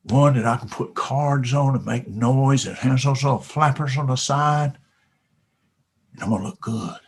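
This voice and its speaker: A man voicing a young boy who boasts slowly and dreamily about the bicycle he wants, during a spoken story. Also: mid-range voice, husky. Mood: dreamy.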